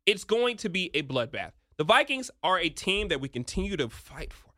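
A young man with a high, bright voice talks football picks with wide swings in pitch. He is emphatic and builds to excited near-shouts. The sound is close and dry. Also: moderate pace, no echo. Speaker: sports betting analyst. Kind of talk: animated sports betting talk.

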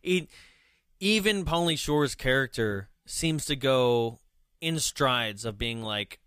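A man's voice: medium pitch, animated, slow pace, a bit bright, smooth, no room sound, studio quality. A young man chatting casually on a podcast, reviewing a movie in a rambling way with lots of fillers and restarts.

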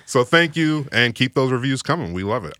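A man's voice: medium pitch, lively intonation, brisk, pushed and bright, clean tone, no echo, studio quality. A man, the show's producer, chatting in an easygoing, upbeat way. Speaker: podcast producer. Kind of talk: casual podcast chat.

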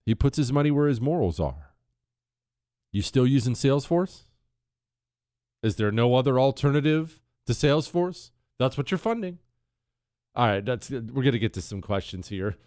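A man's voice: mid-range voice, animated, moderate pace, pauses often, a little mellow, no room sound, clean studio sound. A man hosting a talk radio show, brash and sarcastic in his opinions and reading ads in the same brash way. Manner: brash, sarcastic, mocking impressions.

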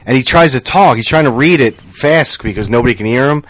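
A man's voice: mid-range voice, fairly quick. A young man on a podcast, casually chatting and retelling a funny story, acting out what others said and swearing freely. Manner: animated storyteller, acts out quotes, swears. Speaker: podcast co-host. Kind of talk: casual chat.

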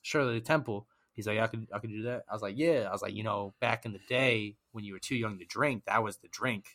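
Easygoing male co-host, bright mid-pitched voice, dry close sound, slangy anecdotes. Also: a little fast, dry recording. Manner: laid-back, slangy anecdotes acting out both sides. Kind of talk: casual chat.

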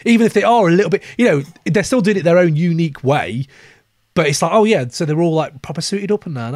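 An excitable man hosts a casual album-review podcast. His fairly high voice swings widely in pitch as he laughs and enthuses. The sound is dry and close. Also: quick pace, no echo. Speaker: podcast host.

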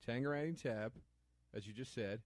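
A man's voice: mid-range voice, normal speed, no room sound, studio quality. A man co-hosting a casual film commentary podcast, enthusiastic, playful and emphatic. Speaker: podcast co-host.

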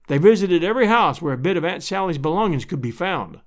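Man, audiobook narrator, high pitch, very lively intonation. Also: fast talker.

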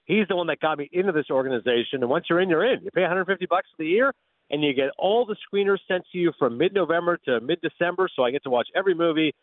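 A man from Canada, a guest broadcaster, telling animated, excitable anecdotes in a rapid-fire radio storytelling style. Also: a little high, no echo. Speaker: guest sports and film broadcaster. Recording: tinny phone-like line.

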